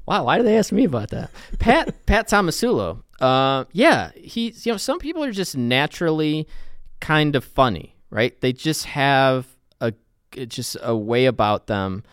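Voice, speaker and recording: A man's voice: medium pitch, sing-song, measured pace, clean tone, no echo, studio quality. A man guesting on a podcast, chatting loosely and joking about himself, with lots of um and like. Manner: rambling, self-deprecating, with fillers. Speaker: feature reporter, podcast guest. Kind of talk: casual interview chat.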